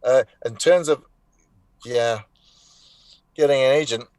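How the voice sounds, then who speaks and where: A man's voice: mid-range voice, takes it slowly, a little mellow, no room sound. A man in his sixties from South Africa, a voice actor chatting as a guest over a video call, rambling with many fillers and restarts, wry and frank. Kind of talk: casual live interview chat.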